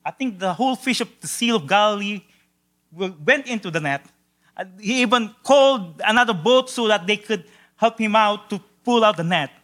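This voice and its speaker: A man preaching with a high, bright, ringing voice. He swings between near-whispered solemn lines and loud, stretched-out exclamations, and stumbles and repeats words now and then as he goes. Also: animated. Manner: drawn-out emphatic quotations. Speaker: pastor. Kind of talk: sermon.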